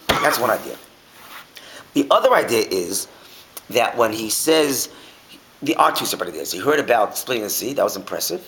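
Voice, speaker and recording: Animated man teaching a Torah class. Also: mid-range voice, brisk, a little hiss or hum, low-quality recording. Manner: animated, asks many rhetorical questions, frequent restarts.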